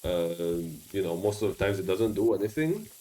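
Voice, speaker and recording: A man's voice: low-pitched, animated, normal speed, warm tone, poor audio. Rambling streamer man with strong accent. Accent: non-native English. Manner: rambling, many fillers and restarts. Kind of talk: casual gaming stream chat.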